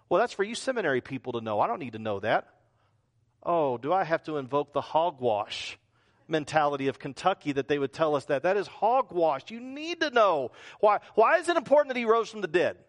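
High-voiced male pastor preaching. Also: fairly bright tone. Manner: conversational preaching with repeated words and rhetorical questions. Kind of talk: sermon.

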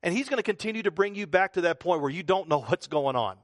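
A man's voice: high-pitched, lively intonation, fast, no room sound, studio quality. A male pastor preaching a conversational sermon, full of rhetorical questions and repeated phrases.

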